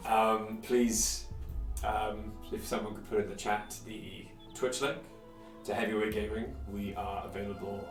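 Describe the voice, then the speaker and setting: A man chatting casually while streaming a game, rambling and self-deprecating, with many fillers. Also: on the low side. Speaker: game streamer and dungeon master. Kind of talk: casual let's-play chat. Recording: roomy from mic distance. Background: game music.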